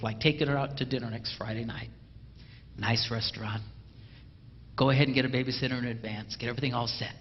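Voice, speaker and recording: A man giving a humorous live talk to an audience, playful and animated. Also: mid-range voice, slight background noise. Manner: playful and animated, mimics a bell sound. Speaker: speaker addressing an audience. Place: large hall with a live audience. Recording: dull, roomy hall recording.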